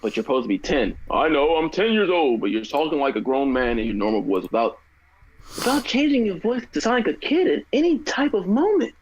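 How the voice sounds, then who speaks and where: Animated swearing man in casual chat. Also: fairly high pitch, brisk, no echo, muffled recording. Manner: animated, swearing, stumbling restarts, mocking impressions. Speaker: podcast co-host.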